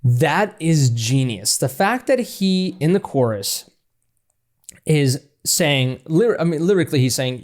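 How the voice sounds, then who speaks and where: A man's voice: a little high, lively intonation, unhurried. A man hosting a music reaction channel, analyzing a song in casual, enthusiastic, rambling talk with frequent restarts. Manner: enthusiastic, rambling with restarts, breaks into scatting and laughter.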